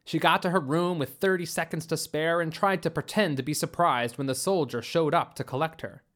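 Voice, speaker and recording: A man narrating a science fiction story in a steady, deliberate reading voice. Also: fairly high pitch.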